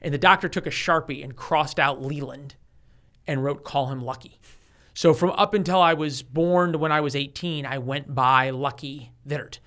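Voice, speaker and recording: Man in his forties, guest author, animated storytelling, slightly higher voice. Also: normal speed. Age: 40s. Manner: animated storyteller who acts out quoted voices, with frequent restarts. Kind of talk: storytelling in a conversational interview.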